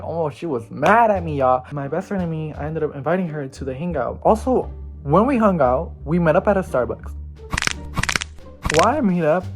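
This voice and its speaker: A young man casually telling a gossipy storytime in an animated, slangy way. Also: on the high side. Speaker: vlogger.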